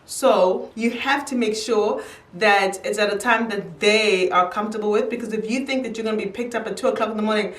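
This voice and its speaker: A woman's voice: medium pitch, fairly quick, a bit bright, far from the mic. A young woman chatting casually to camera while doing her makeup, telling a story and laughing easily. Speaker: beauty vlogger. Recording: echoey room, voice from off-mic.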